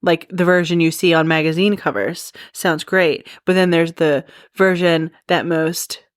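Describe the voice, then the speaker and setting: A woman's voice: fairly low pitch, steady tone, measured pace, no room sound, clean studio sound. A woman hosting a podcast, explaining a topic in a chatty, casual monologue full of "like" and "you know". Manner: chatty, lots of "like" and "you know", laughs at herself. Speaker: podcast host.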